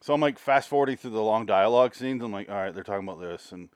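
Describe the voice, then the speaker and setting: A man's voice: lowish voice, fast, clean tone, dry recording, studio quality. A man co-hosting a podcast, rambling casually about movie scenes with sarcastic asides and plenty of filler words. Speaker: podcast co-host. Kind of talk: casual movie-review chat.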